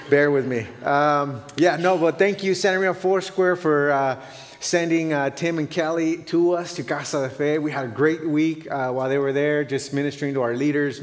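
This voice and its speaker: A male missionary pastor greets a church congregation in a chatty, joking way with many fillers. He says he is cold and his voice sounds a little shaky. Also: medium pitch. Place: church sanctuary. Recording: long hall reverb.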